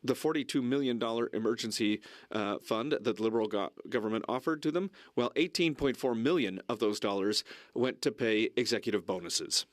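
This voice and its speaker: A man from Quebec, a member of parliament, giving a halting speech in a legislative chamber with many fillers. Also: mid-range voice, dry recording, studio quality.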